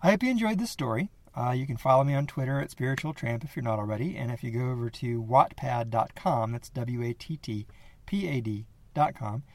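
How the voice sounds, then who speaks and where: A man narrating a horror story in a steady, measured reading voice. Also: mid-range voice, no room sound.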